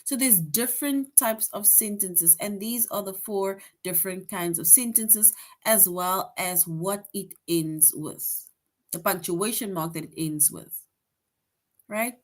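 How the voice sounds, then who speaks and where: A woman teaching young students sentence types in a calm, mid-pitched voice. She explains patiently and keeps checking in with a quick "right?". Example sentences come out slower and more deliberate. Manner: explains patiently, tag question "right?" after most points; reads example sentences slowly with emphasis. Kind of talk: online grade-school grammar lesson.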